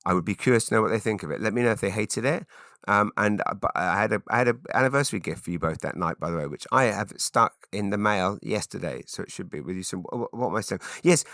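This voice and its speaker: British man, low-pitched, dry close sound, rambling podcast chat. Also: lively intonation, fast talker, a bit bright, no echo. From England. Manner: rambling, self-interrupting, jumps into silly put-on voices. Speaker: podcast host.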